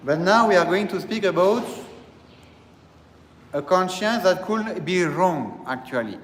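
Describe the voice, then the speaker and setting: A man who serves as a priest, delivering a slow, deliberate teaching sermon and repeating phrases as he explains. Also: sits high, lively intonation, fairly bright tone, slight background noise. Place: church. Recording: echoey church hall, faint ambience.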